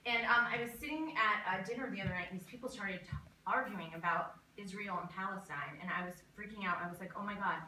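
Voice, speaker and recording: A woman performing a stand-up comedy set with a chatty, deadpan delivery. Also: mid-range voice, quick pace, slight background noise. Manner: deadpan, chatty, loud laughing asides. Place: comedy club stage with live audience. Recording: echoey club recording from a distance, crowd laughter.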